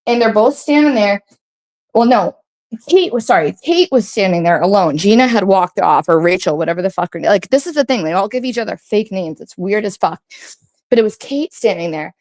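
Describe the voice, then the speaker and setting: A woman telling a long story in casual chat, rambling with many fillers, swearing freely and acting out what others said. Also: fairly high pitch. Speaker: guest recounting a story.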